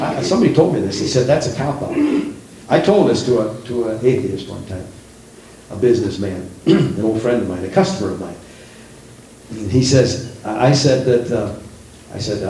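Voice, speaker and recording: A man's voice: mid-range voice, warm tone, recorded from a distance, a little hiss or hum. A middle-aged male preacher delivering a sermon in a church, preaching with rising emphasis and acting out the voices of people he quotes. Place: church sanctuary. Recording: very echoey church room.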